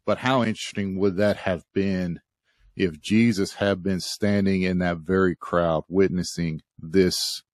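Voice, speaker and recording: Low-voiced man leading a Bible study. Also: steady tone, measured pace, darkish tone, no room sound, clean studio sound. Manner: thoughtful, hesitant, many fillers. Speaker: podcast host.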